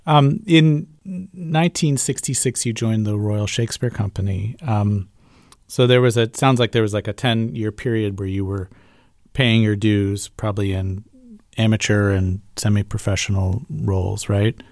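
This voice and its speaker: A male interviewer asks long, hesitant questions, often pausing on ums. His voice sits a bit low. The sound is dry and close, with no room echo. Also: steady tone, darkish tone. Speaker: radio interviewer.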